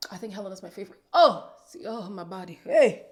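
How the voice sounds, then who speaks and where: A woman's voice: medium pitch, lively intonation, moderate pace, a little mellow. A woman hosting a reality TV recap who reacts in a sassy, dramatic way, with sighs and sudden whispers. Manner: sassy and opinionated. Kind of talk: casual reaction commentary.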